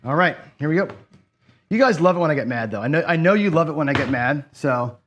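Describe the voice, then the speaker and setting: A man's voice: fairly high pitch, lively intonation, quick pace, a bit bright, a little hiss or hum. A man hosting a live online craps stream, chatting to viewers and getting frustrated and cursing as he loses. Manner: frustrated, swearing, talks to chat. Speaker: online casino game host. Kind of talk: casual live-stream commentary.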